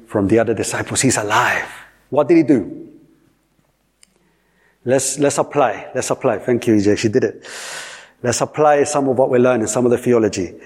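Emphatic preacher with a husky voice. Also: male voice, medium pitch, warm tone. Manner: repetitive, emphatic, asks the audience questions. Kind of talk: sermon.

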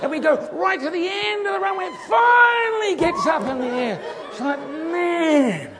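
A man telling a funny travel story in a sermon, animated and laughing often. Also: very high voice, a little fast, raised voice, over a noisy crowd, heavy background noise. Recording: long hall reverb.

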